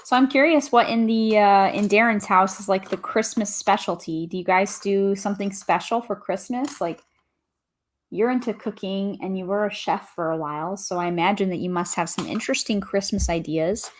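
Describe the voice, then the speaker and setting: A woman's voice: mid-range voice, normal speed, a little hiss or hum. A young adult woman hosting a casual livestream, chatting cheerfully and reading viewer comments aloud. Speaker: livestream host.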